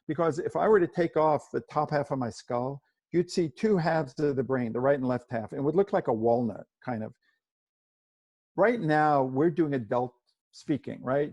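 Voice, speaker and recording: A middle-aged man, a parenting expert, explaining in a lively, demonstrative way in an interview. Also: mid-range voice, no room sound. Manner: lively, demonstrative, acts out examples.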